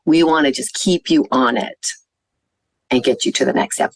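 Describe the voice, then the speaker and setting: At a conference venue, a woman physician gives an earnest talk, telling stories warmly with some fillers. Her voice is very deep and moderately paced, and the recording is dry and rough.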